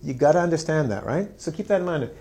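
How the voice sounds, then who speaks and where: A man's voice: a little high, animated, fast talker, mellow. A man teaching an English lesson, acting out students' lines with big jumps in voice and laughing often. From Canada. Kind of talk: energetic online English lesson.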